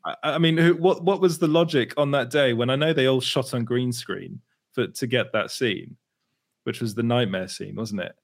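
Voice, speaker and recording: Brief: male podcast co-host, mid-pitched, giggly, stop-start delivery. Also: gravelly. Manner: laughs often, quick restarts. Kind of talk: casual chat.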